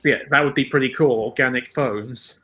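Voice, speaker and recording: A man's voice: mid-range voice, normal speed, pushed and bright, poor audio. A man in his thirties chatting casually as co-host, laughing often and using many fillers. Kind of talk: casual chat recapping a show.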